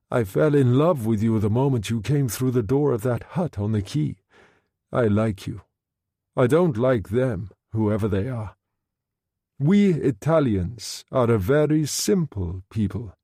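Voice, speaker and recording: A man's voice: mid-range voice, expressive, measured pace, warm tone, dry recording, studio quality. A man voicing a bold, charming Italian man in the water, jaunty and teasing in manner.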